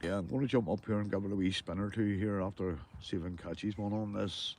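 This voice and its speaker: A man's voice: lowish voice, fast, darkish tone, slight background noise. A man with a Northern Irish accent, chatting casually to his live-stream viewers from a small tent while out fishing, greeting each one by name and calling them mate. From Northern Ireland. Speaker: livestreaming angler. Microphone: phone or camera on a live stream.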